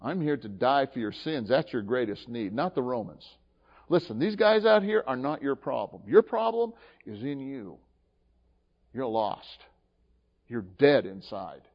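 Animated preacher man in an echoing hall. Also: mid-range voice, slightly rough. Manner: animated, shifts from hushed to emphatic, acts out dialogue. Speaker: pastor. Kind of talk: sermon. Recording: dull lo-fi sound with long hall reverb.

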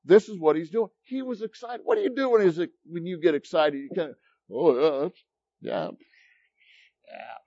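A man preaching a sermon as pastor, telling stories in an animated, emphatic way. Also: sits high, quick pace, few pauses, no echo. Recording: dull lo-fi recording, dry.

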